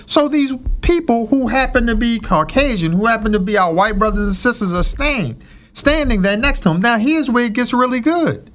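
Man with a high, preacherly voice. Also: expressive, normal speed, a bit bright. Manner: earnest, preacherly, builds points with rhetorical questions. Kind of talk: casual discussion on race.

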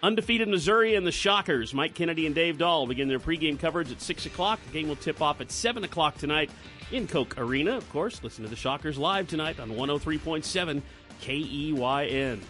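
A man's voice: fairly high pitch, lively intonation, bright, forceful tone, soft background music. A man co-hosting morning radio, trading dry quips and then reading a sports report. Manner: dry, matter-of-fact quips; reads sports news briskly. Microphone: studio microphone.

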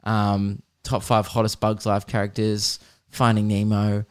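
A man's voice: on the low side, monotone, measured pace, clean tone. A young Australian man hosting a podcast, rambling through jokes and swearing freely in casual comedic chat. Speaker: podcast host.

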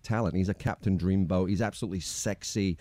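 A man's voice: deep voice, fast talker, no room sound. A man guesting on a radio show, chatting casually and telling cheeky, jokey stories in a studio. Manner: cheeky, jokey, animated anecdotes. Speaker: TV host, guest. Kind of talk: casual radio chat, storytelling.

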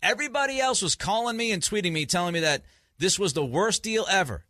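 A grumpy, sleep-short man hosts sports talk radio with a bright, forceful tone. He is emphatic, keeps restarting and repeating himself, and sits on a dry, close studio mic. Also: sits high, animated, quick pace, no echo.

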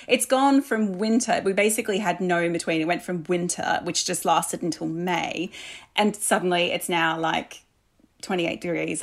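A woman from Melbourne with an Australian accent softened by twenty years in London, a guest author talking in a rambling way with frequent laughs. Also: on the low side, normal speed. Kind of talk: podcast interview.

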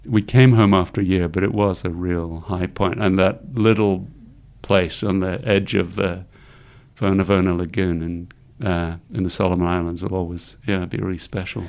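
A middle-aged man, telling lively stories as an interview guest and laughing often. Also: low-pitched, normal speed, vocal fry. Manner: animated anecdotes, laughs often, acts out quoted voices. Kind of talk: storytelling in conversation.

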